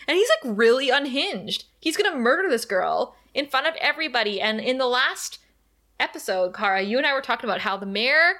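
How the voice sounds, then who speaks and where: A woman's voice: sits high, bright, forceful tone. A woman co-hosting a podcast, animatedly retelling an episode, laughing often and acting out the characters' lines. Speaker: podcast co-host. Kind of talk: casual recap chat.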